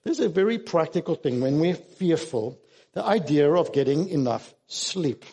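A man's voice: a little high, expressive, moderate pace, creaky, dark tone, long reverb tail. A man preaching a sermon as pastor, earnest and emphatic, often restarting his words.

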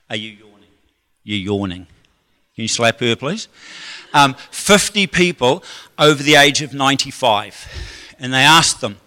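A man's voice: a little high, sharp tone. A man preaching a sermon in a chatty, rambling way, with joking asides to the congregation. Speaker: pastor. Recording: long hall reverb.

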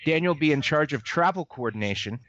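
A man's voice: on the high side, expressive, fairly quick, fairly bright tone. Joking man on a muffled podcast. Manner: joking, laughs often, rambling. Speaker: podcast co-host. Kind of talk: casual chat. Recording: muffled lo-fi audio.

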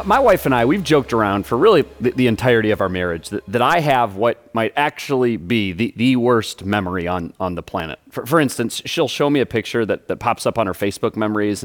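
Man, pastor, sermon, stammering repeats, mid-pitched voice. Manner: stammers and repeats words often.

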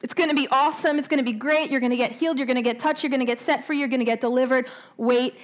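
A woman preacher voicing an excited, anxious young male disciple who talks urgently and repeats himself. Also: high-pitched, very fast, natural voice.

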